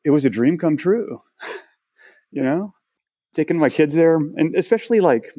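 A man in his forties from Houston, a guest telling animated stories in a casual interview, full of restarts and asides. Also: fairly high pitch, measured pace, no room sound, clean studio sound. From Houston, Texas. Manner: animated, chatty, many restarts.

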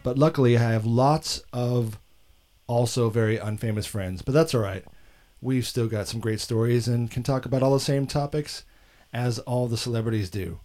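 A man's voice: mid-range voice, moderate pace, dark tone. American male host, casual and self-mocking banter. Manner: joking, self-deprecating. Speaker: podcast host. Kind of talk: casual chat.

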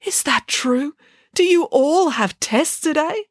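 Brash, high-pitched pig nanny, put on by a woman reading. Cheeky, theatrical. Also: expressive, slow, no echo, studio quality. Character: bold, vain female pig nanny, adult.

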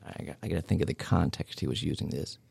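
A man's voice: deep voice, fast talker, vocal fry, darkish tone, slightly rough, dry recording, clean studio sound. A man co-hosting a podcast in casual chat, playful and self-deprecating. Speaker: podcast co-host.

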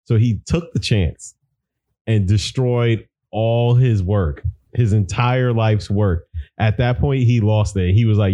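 Laid-back man with a low, mellow voice. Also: takes it slowly, muffled recording. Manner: laid-back, laughs often, quotes characters in a loose voice. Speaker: podcast co-host. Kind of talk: casual chat, retelling a movie plot.

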